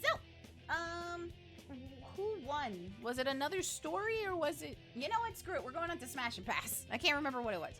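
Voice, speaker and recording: A woman's voice: sits high, very animated, normal speed, a bit bright. A young woman streamer chatting casually on a stream, teasing and giggly. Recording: faint music behind.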